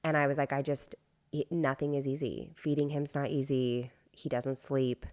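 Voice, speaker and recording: A woman in her thirties with a notably low voice chats on a podcast. She tells a family story candidly, rambling along with plenty of fillers. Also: flat delivery, moderate pace, a little mellow. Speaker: podcast co-host. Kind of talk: casual storytelling chat.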